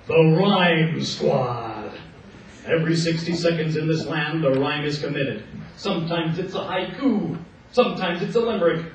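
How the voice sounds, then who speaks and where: A man playing a hardboiled male detective, narrating in a deadpan, mock-serious way in an echoey hall. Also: fairly high pitch, slight background noise, close to an everyday voice. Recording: echoey hall, distant mic, dull sound.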